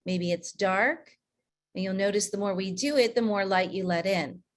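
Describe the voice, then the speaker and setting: A woman coaching a group through breathing and meditation on a video call, counting breaths slowly and calmly. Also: medium pitch. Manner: slow, calm counting of breaths with pauses. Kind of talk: guided breathing and meditation session.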